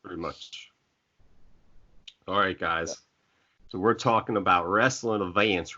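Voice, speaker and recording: Very deep-voiced middle-aged man, rambling. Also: slow pace, pauses often, pushed and bright. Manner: stumbles over words, rambling. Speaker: host. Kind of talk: casual podcast chat. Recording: dull lo-fi sound.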